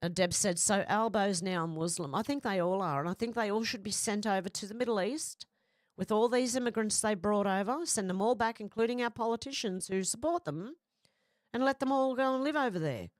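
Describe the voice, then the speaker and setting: A woman's voice: mid-range voice, a little fast, no echo, clean studio sound. A woman who has a cold and a runny nose, chatting casually on a livestream and reading out viewer comments with frequent apologies.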